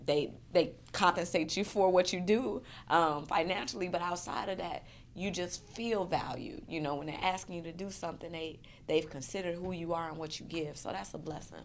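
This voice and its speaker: Low-voiced earnest woman poet. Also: moderate pace, hardly any pauses, a little hiss or hum. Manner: earnest, emotional, repeats words while searching. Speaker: poet and performance artist. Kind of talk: candid interview conversation.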